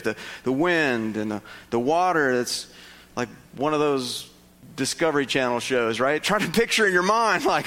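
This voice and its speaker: A man preaching a sermon, stirred and lively, asking his listeners rhetorical questions. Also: long reverb tail. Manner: animated, rhetorical questions, rising pitch when stirred. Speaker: pastor.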